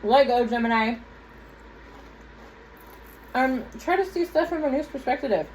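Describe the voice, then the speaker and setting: A woman's voice: sits high, animated, unhurried, darkish tone, a little hiss or hum, rough recording. A woman giving a casual tarot reading to her viewers, chatty and direct, with frequent asides. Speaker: tarot reader.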